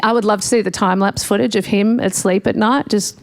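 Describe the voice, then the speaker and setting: A woman in her thirties performs a stand-up set in a chatty, self-mocking way, laughing at her own jokes. Her voice sits a little high with a gravelly, creaky edge. The sound is close and dry, with no room echo. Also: lively intonation, moderate pace, few pauses. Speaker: stand-up comedian. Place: livestreamed gig.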